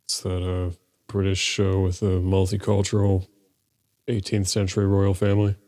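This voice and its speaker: A man's voice: deep voice, monotone, moderate pace, warm tone, no echo. Laid-back man, wry asides. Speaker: podcast co-host. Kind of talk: casual chat.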